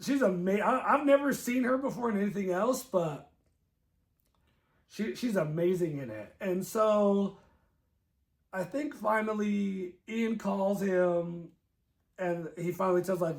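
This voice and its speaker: Male co-host, high voice, excitable casual recapper, lots of fillers. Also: unhurried. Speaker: co-host movie reviewer. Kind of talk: casual chat.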